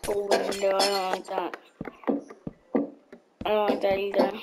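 A woman's voice: mid-range voice, completely flat delivery, measured pace, rough recording. A woman giving casual gameplay commentary, rambling and repeating herself as she builds. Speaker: gaming video creator. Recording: clear background music.

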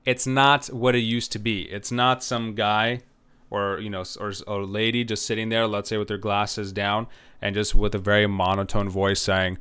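A man's voice: lowish voice, little pitch movement, moderate pace, a bit bright, clean tone. A man giving a recorded history lecture, rambling with many filler sounds and frequent "right?" checks.

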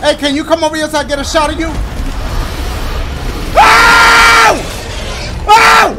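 A young man giving excitable, loud running commentary while playing a video game, swearing freely. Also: very high voice, racing, a loud crowd, heavy background noise. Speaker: gaming let's-play host. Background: game music.

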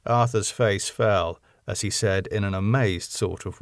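A man's voice: fairly low pitch, a little slow, dry recording. Man narrating an audiobook, dry sound.

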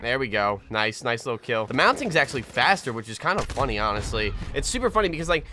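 A man giving casual gameplay commentary as a gaming video host, excitable and swearing often, with frequent laughs. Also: mid-range voice, a little hiss or hum. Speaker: gaming YouTuber. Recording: game gunfire behind voice. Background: game gunfire and explosions.

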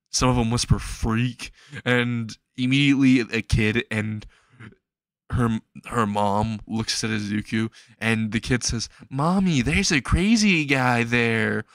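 A man's voice: mid-range voice, a bit bright, no room sound. A man narrating a fan-made story in a casual, rambling way, chuckling at his own jokes.

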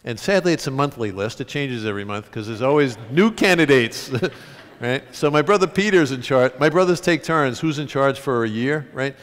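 A middle-aged man speaks to an audience from a stage, his voice swinging up and down with lively pitch. He is animated and self-mocking, stumbling over restarts as he tells stories. A long concert-hall reverb trails each phrase. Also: normal speed. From United States. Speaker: author giving a talk. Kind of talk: public reading and storytelling talk.

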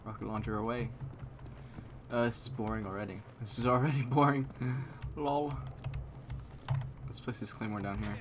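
A man with a mid-range voice commentates his own shooter match, talking trash at opponents and joking at his own expense. He jumps between loud, exasperated outbursts and low, half-mumbled asides. Gunfire and explosions from the game crackle clearly behind him. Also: steady tone, moderate pace, pauses often. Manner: goofy, self-mocking, talks trash at opponents. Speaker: gameplay commentator. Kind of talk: live shooter gameplay commentary.

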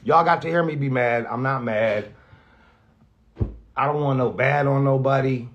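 A man, a radio host, talks candidly and off the cuff, halting and restarting often, with lots of profanity and earnest emotion. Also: medium pitch, fairly bright tone, highs cut off. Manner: halting, rambling, heavy profanity, frequent restarts; earnest, emotional about being grateful. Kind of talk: candid off-the-cuff vlog talk.

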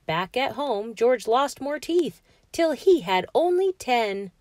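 Woman reader for children's read-alouds; slow, very expressive, dry close-mic sound. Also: on the high side, dry recording. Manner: expressive, sing-song rhyming delivery. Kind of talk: read-aloud storytelling for kids.

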